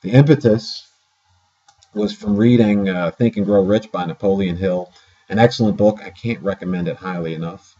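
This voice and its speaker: A man's voice: low voice, moderate pace, mellow. A man talking casually to his camera in a vlog, rambling and correcting himself often, with many fillers, recorded on a dull lo-fi camera mic indoors. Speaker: vlogger.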